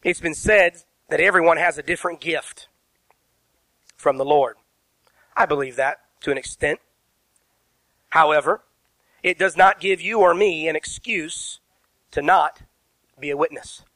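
Bright-voiced preaching pastor. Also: male voice, on the high side, normal speed, pauses often, dry recording, rough recording. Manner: emphatic preaching with rhetorical questions, spells words out. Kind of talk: sermon. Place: church sanctuary.

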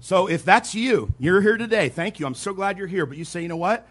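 A man with a high-pitched voice delivers a sermon as a pastor. He talks earnestly, drives points home by repeating them, and drops into quiet asides between louder stresses. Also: lively intonation, fairly quick. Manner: earnest preaching, emphatic repetition, occasional soft laughs; swings between loud emphasis and quiet asides.

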